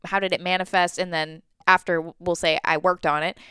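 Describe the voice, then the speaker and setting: A woman co-hosting a casual fitness podcast, speaking calmly and backing up her co-host with short agreements. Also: lowish voice, a little fast, smooth, no echo.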